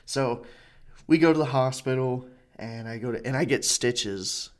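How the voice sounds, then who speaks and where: A man in casual conversation, rambling through a story with plenty of fillers and swearing. His voice sits at an ordinary middle pitch. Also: a little slow.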